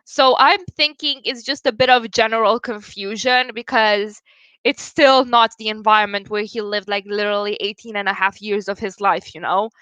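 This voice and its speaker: A woman's voice: mid-range voice, steady tone, normal speed, pushed and bright, clean tone, no room sound. A young woman chatting casually with viewers on a livestream, giggling often as she reads and answers comments. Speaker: livestream host.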